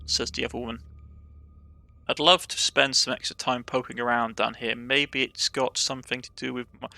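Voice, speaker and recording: A man's voice: medium pitch, creaky, pushed and bright. A man with a Cornish accent reading a narrative game's text and dialogue aloud, often stumbling and correcting himself. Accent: Cornish English. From Cornwall, England. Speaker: let's play gamer. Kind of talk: reading game text aloud with light character voices.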